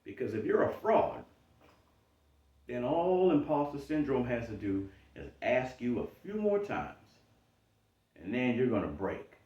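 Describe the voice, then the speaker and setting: A man coaching on self-improvement in a monologue, animated, sometimes mocking his own doubts in a higher voice. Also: unhurried. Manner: animated, acts out inner doubting voice in high mocking tones. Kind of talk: explanatory monologue. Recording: dull roomy sound from mic at a distance.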